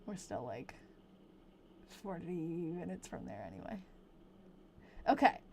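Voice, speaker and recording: A young woman hosting a casual livestream, chatting and slowly reading diary entries aloud, laughing often. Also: fairly low pitch, big pitch swings, vocal fry, a little mellow, a little hiss or hum.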